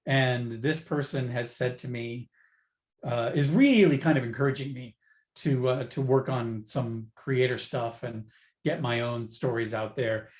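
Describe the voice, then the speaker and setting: A man's voice: medium pitch, steady tone, a little slow, a little mellow. A man talks over a remote call as an interview guest. He rambles, restarts his sentences and pokes fun at himself in an easygoing, chatty way. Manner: rambling, self-deprecating, many restarts. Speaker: guest writer. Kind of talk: casual interview chat.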